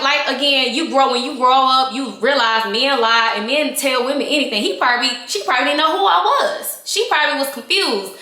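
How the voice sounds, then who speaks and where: Young woman vlogger, bright and higher-pitched, candid storytime in an echoey room. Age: young adult. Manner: animated, reenacting scenes with voices and gestures; chatty and candid, addressing viewers directly. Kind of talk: casual storytime vlog.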